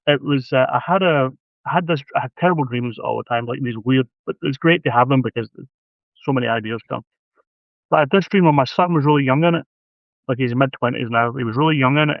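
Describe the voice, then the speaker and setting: A man's voice: medium pitch, creaky, no echo. A man in his fifties, an author telling stories in a rambling, casual way, on a video call. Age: 50s. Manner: rambling, restarts a lot. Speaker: author guest. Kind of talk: casual storytelling. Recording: tinny phone-like line, dry.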